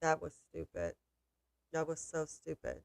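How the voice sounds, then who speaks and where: Gravelly co-host with blunt quips. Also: mid-range voice, big pitch swings, a little slow, no echo. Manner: blunt, dismissive quips, reads out chat questions. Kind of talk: casual chat on a live watch-party stream.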